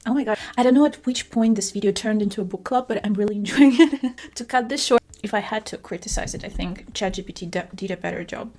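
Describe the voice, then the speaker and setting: A woman vlogger reviewing tech products in a casual, chatty way, self-deprecating and quick to laugh. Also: mid-range voice, a little mellow.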